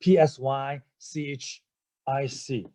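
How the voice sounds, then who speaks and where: A man's voice: mid-range voice, fairly even intonation, slow, warm tone. A male English teacher giving a vocabulary lecture. He spells words out letter by letter and keeps checking in with "okay?" and "right?", with frequent hesitations. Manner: hesitant, many fillers and restarts.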